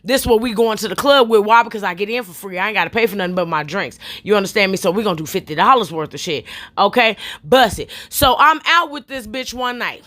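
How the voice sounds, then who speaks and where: A woman comedian telling a comedic storytime in a brash, profane, emphatic way, rising to shouts at the peaks. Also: mid-range voice, animated, fast talker.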